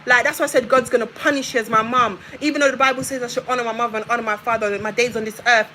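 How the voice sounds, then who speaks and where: A woman's voice: fairly high pitch, fairly even intonation, rapid-fire, bright, forceful tone, a little hiss or hum, rough recording. A young woman on a live stream, ranting in a confrontational way and hammering her points home with repetition. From United Kingdom. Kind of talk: heated live-stream rant.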